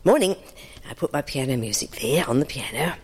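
A woman's voice: a bass voice, fast talker, breathy edge. A woman telling an amused, reminiscing anecdote and acting out the people in it. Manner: lively, amused, acts out the other people in the story. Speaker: storyteller. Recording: long reverb.

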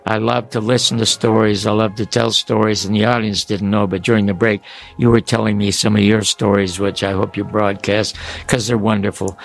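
Gravelly older man telling stories. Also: lowish voice, fairly quick. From Toronto, Canada. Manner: lively, animated storyteller with restarts. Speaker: guest storyteller. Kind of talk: radio interview storytelling.

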